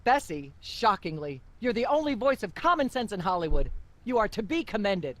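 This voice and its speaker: A woman's voice: mid-range voice, big pitch swings, moderate pace, noisy background, lightly acted. A woman voicing a condescending female talk show host in a video game, who drones on in scornful tirades. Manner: droning blah-blah tirades, sugary scorn.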